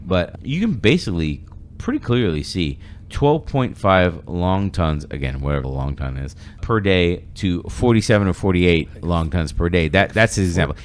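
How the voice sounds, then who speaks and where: A man's voice: low voice, lively intonation, moderate pace. A man hosting a podcast in casual discussion, rambling with many fillers and restarts. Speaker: podcast host.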